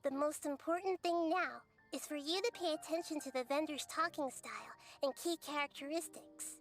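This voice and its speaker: An actress doing a wise little girl goddess, gentle and measured, high and soft. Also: soft background music, lightly acted. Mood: earnest. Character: small young girl goddess, calm and wise.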